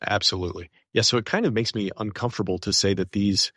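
Male guest, lowish voice, earnest and casual, hedges a lot, dry close recording. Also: fairly even intonation, quick pace, pushed and bright, breathy edge, dry recording. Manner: casual, hedging with "kind of", earnest. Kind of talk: conversational talk show guest.

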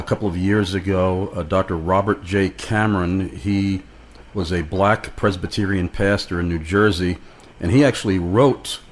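A man hosting a Christian talk radio interview, speaking in a measured, preaching-style way. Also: deep voice. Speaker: radio show host.

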